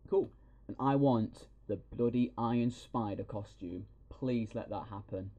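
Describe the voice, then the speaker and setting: A man hosting a podcast, excitedly retelling a film scene by scene with plenty of swearing. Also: mid-range voice, unhurried, phone-quality sound. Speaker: podcast host. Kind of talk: casual film review chat.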